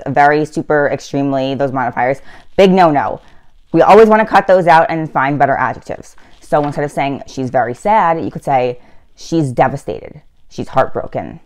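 A woman's voice: low-pitched, darkish tone. A woman giving a casual lesson on writing, explaining with chatty asides and self-corrections. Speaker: writing tutor.

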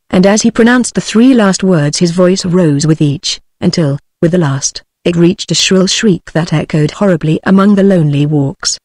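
A text-to-speech woman's voice with a British English accent, reading a gothic short story aloud in an even, measured way. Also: lowish voice, no echo, clean studio sound. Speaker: audiobook narrator. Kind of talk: synthetic audiobook reading.

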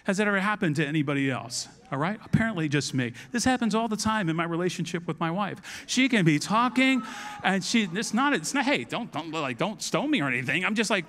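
Bright-voiced, animated male pastor preaching. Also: high-pitched, a little fast. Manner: animated, storytelling, acts out dialogue. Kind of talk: sermon.

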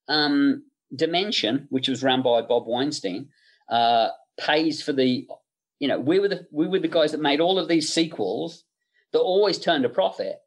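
With a mid-range voice that has a breathy edge, this middle-aged man shares stories on a podcast about his work in special make-up effects. He keeps cutting himself off and adding little laughing asides.

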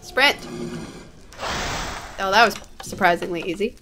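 A woman's voice: mid-range voice, a little slow, noisy background. A woman giving running commentary on her own gameplay, exasperated and self-mocking as she fails and retries. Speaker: gaming channel host.

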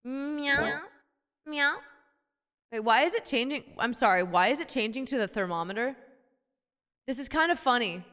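A sick woman chats with her stream, crude, teasing and playful. Her voice is high and smooth, with a clean, resonant tone. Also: animated, a little fast, a bit bright, long reverb tail. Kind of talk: casual live-stream chat.

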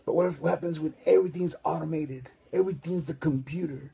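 A man's voice: fairly high pitch, quick pace, vocal fry, warm tone, breathy edge. A man preaching a casual, rambling sermon full of restarts and street slang.

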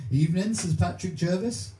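A man's voice: sits high, lively intonation, measured pace, warm tone, slight background noise. Teasing man hosting a music live stream. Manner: teasing, reads out viewer names. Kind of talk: casual chat between songs. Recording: roomy echo with music behind.

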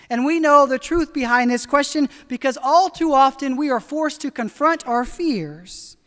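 A woman's voice: high voice, a bit bright. Earnest woman preaching in a reverberant church. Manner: earnest, slows down for emphasis. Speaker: pastor. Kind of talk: sermon.

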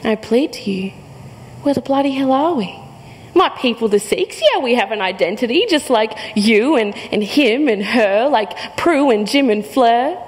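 A young woman with an Australian accent performing spoken word poetry to a live crowd, with rhythmic, rhyming, punchy lines and playful banter. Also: high voice. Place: hall before a live audience. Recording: reverberant hall.

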